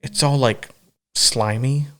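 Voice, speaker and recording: A man co-hosting a podcast, telling a story in a crude, animated way, acting out other people's voices and laughing often. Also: medium pitch, slow. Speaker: podcast co-host. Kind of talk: casual chat, storytelling.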